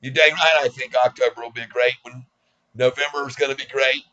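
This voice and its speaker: Man in his sixties, bright voice, folksy and cocky, self-mocking, casual stock commentary. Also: mid-range voice, fairly even intonation, a little fast, lo-fi sound. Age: 60s. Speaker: stock trading vlogger.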